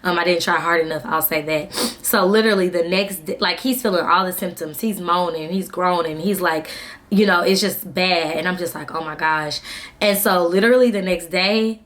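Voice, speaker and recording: A woman's voice: fairly low pitch, moderate pace. A young woman, casually telling a story to her vlog audience and acting out what people said. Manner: chatty, animated, acts out quoted dialogue. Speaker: vlogger.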